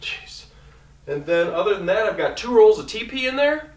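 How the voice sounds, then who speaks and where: A man talking quickly and casually through his camping gear, rambling as he goes. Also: high voice, very animated, distant mic. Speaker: outdoor vlogger. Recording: echoey room, mic set back.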